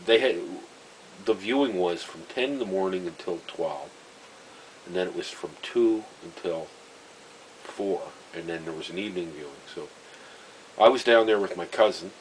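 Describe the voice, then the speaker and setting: A man, telling a personal story in a rambling, halting way, full of fillers and wry chuckles. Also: deep voice, a little hiss or hum, low-quality recording. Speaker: vlogger. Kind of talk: casual storytelling monologue.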